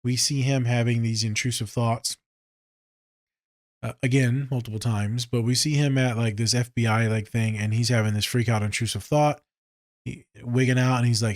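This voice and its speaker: A man's voice: moderate pace, no room sound, clean studio sound. Swearing, joking male therapist podcaster. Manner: profane, joking, with frequent swearing; animated, jumps between low mutters and high exclaims. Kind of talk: casual podcast storytelling.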